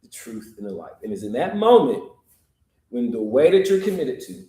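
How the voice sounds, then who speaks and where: A man's voice: mid-range voice, sing-song, normal speed, dark tone. Man preaching in an echoey room. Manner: conversational preaching, addressing the room directly. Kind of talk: sermon.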